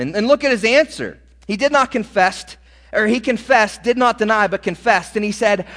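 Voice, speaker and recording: A man preaches a sermon in a high, lively voice, acting out Bible dialogue with swelling emphasis. His words ring with a long reverb from a large hall.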